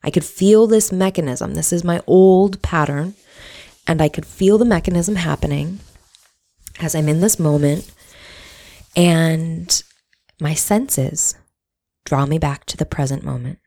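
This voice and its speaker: A woman's voice: sits low, measured pace, long pauses, mellow. A woman candidly telling a personal story in a reflective, casual monologue, swearing now and then.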